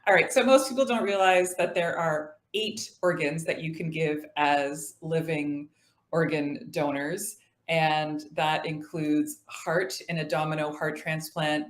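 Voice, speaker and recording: A woman earnestly explaining a medical fact to others during an online trivia game. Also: low-pitched. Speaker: trivia player, living liver donor. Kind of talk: casual explaining on a video call. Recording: echoey room on a video call.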